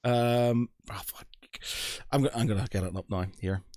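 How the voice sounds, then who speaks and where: A man's voice: mid-range voice, fairly quick, dark tone, no echo. Rambling male podcast host, dry sound. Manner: rambling, hunting for names, casually swears. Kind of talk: casual podcast chat.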